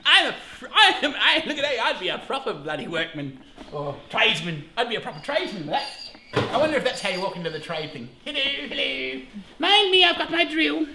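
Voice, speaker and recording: A middle-aged Australian man hosting a beekeeping vlog, chatting casually in a jokey, excitable way and swearing freely. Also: high voice, fast, a little hiss or hum. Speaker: beekeeper host.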